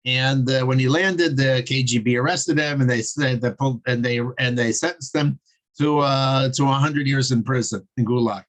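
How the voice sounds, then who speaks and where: A man's voice: medium pitch, normal speed. A man teaching a casual online Torah class over a video call, chatty and digressive, chuckling as he tells jokes.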